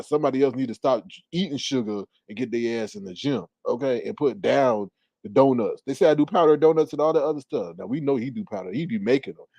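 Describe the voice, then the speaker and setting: A man doing casual commentary into a phone at home, sassy and animated, his voice climbing higher when he gets riled. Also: vocal fry, no echo. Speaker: commentary vlogger.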